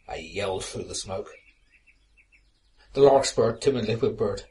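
A man giving a dramatic first-person story reading, bellowing the lines of dialogue and dropping to hushed narration. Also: deep voice, moderate pace, gravelly. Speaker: story contributor.

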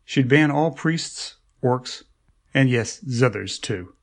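A man reads his own short stories in a dry, wry manner. His voice sits in a middle pitch. He sounds like a regular contributor to a story show. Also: expressive, takes it slowly. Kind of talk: reading his own flash fiction.

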